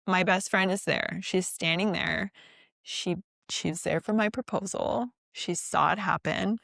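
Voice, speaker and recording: Gravelly, animated woman telling a story. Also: lowish voice, a little slow, no echo, clean studio sound. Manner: animated and profane, acts out quotes. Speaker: podcast host. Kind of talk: casual storytelling.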